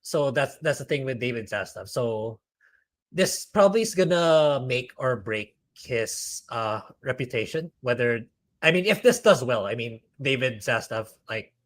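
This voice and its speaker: A man's voice: medium pitch, lively intonation, a little slow. Chatty co-host man. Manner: chatty, hedging with fillers. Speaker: podcast co-host. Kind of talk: casual chat.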